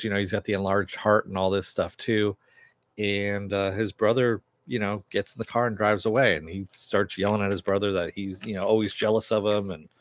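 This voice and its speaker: A man with a lowish voice, recorded dry and close with no room sound. He retells a TV episode in a loose, chatty way, with fillers and the odd swear word. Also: no room sound. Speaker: TV show reviewer. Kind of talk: casual episode recap.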